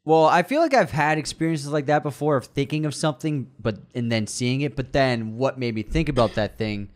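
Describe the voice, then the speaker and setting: A man's voice: mid-range voice, brisk. A man co-hosting a movie podcast, teasing his co-host and laughing often. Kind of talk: casual chat.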